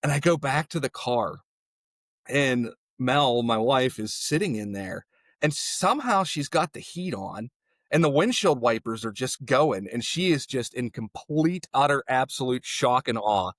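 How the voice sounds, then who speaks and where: A man who is a paramedic, guesting on a podcast and telling a story in a casual, animated way, with plenty of "like". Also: mid-range voice, measured pace, no echo, clean studio sound. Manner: animated, filler-heavy, lots of "like".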